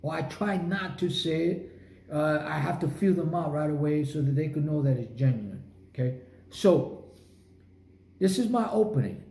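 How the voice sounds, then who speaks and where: A man's voice: fairly high pitch, moderate pace, mellow. A man giving a motivational sales coaching talk, emphatic and punchy, with short repeated phrases. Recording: roomy echo.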